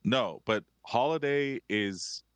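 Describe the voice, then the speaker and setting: A man's voice: medium pitch, slow pace, crowd noise. A man co-hosting a casual sports podcast, talking hesitantly and often restarting his sentences. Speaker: podcast co-host.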